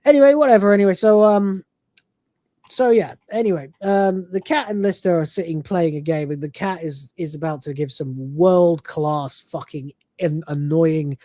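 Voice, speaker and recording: A woman's voice: on the low side, moderate pace, dark tone, no room sound. Rambling, swearing woman podcast host. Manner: rambling and profane, with many fillers. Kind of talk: casual review chat.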